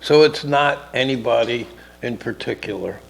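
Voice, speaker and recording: A man's voice: medium pitch, moderate pace, creaky, husky, low-quality recording. A middle-aged man co-hosting a casual talk show, telling a rambling story and acting out the people in it. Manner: rambling, acts out characters in dialogue. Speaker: podcast co-host telling a story.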